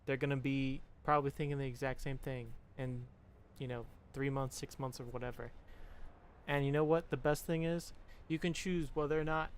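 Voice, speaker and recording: A young man's fairly high voice comes through slight background noise as he chats casually with his stream viewers. He hands out frank, profane relationship advice in a pep-talk style, mimicking the people he quotes.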